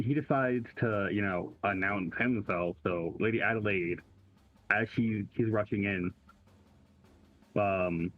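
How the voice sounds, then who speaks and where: A man playing a tabletop game, talking in a halting way and repeating words as he describes his character's moves. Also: lowish voice. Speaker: player. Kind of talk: casual tabletop game chat. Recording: muffled phone-like line with faint music.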